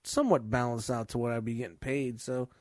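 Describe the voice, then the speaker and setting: A man's voice: medium pitch, fairly even intonation, fairly quick, dry recording, studio quality. A man in casual chat, venting about his retail job with constant swearing.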